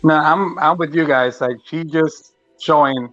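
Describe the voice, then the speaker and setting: A man's voice: a little high, fairly even intonation, measured pace, a bit bright, dry recording, faint music behind. Man on dull lo-fi remote audio. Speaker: guest panelist. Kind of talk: casual reaction chat.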